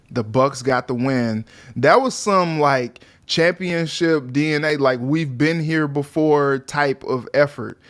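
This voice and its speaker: A man co-hosting a sports talk show, chatting casually and animatedly. He often slips into playful quoted voices for players. His voice sits a bit high for a man. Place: sports office studio.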